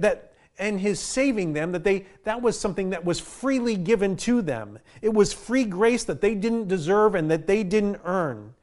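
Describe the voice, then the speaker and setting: High-voiced earnest male preacher. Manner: earnest, repeats words when starting phrases. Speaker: pastor. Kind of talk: sermon.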